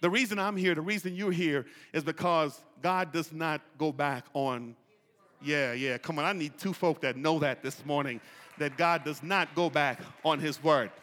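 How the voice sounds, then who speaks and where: A high, bright-voiced man preaches a sermon in a church. He talks with a folksy drawl and calls out to the congregation for answers. His voice swings widely and rings out with a long hall reverb. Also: moderate pace. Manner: impassioned call-and-response preaching; folksy, drawls "y'all" and "ain't". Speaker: pastor. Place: church sanctuary.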